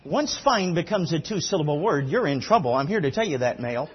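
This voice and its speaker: A man preaching a sermon, swinging between loud exclamations and low, quiet emphasis. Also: animated, fairly quick, few pauses, husky, lo-fi sound.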